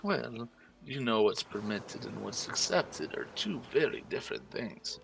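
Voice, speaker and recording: Gravelly-voiced man role-playing smoothly. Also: mid-range voice, expressive, unhurried, a bit bright, slight background noise, low-quality recording. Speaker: player. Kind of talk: tabletop role-play, partly in character.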